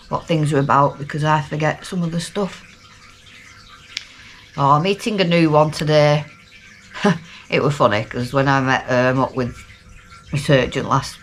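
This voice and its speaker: A middle-aged woman from Lancashire with a Lancashire accent, talking casually and rambling in a down-to-earth video diary. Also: deep voice. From Lancashire, England. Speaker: vlogger.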